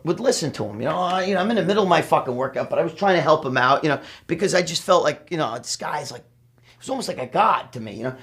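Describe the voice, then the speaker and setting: Husky, high-voiced New man swearing. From New York. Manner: swears constantly, rambling, animated. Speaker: storyteller. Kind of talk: profane casual storytelling.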